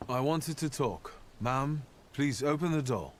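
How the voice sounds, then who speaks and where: An actor playing a polite, brooding male investigator in a video game, speaking in a low, measured and courteous way. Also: lively intonation, close to an everyday voice. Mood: insistent. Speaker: game protagonist. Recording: noisy game audio capture.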